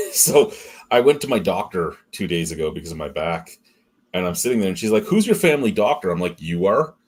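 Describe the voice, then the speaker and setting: A man with a low, husky voice tells stories in a loose podcast chat. He is animated and swears freely. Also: fairly quick. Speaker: podcast host. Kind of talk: casual chat. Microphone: streaming call setup.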